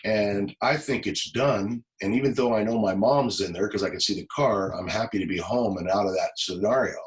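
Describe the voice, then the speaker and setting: A man in his forties, a former police officer, telling a personal story as a podcast guest, halting and emotional, often repeating words. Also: lowish voice, low-quality recording. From Los Angeles. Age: 40s.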